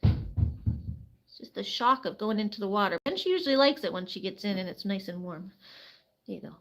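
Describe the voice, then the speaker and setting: A woman chatting casually on a live stream, full of fillers, cooing softly to her hen while she tends it. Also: mid-range voice, expressive, normal speed. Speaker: streamer caring for her animals.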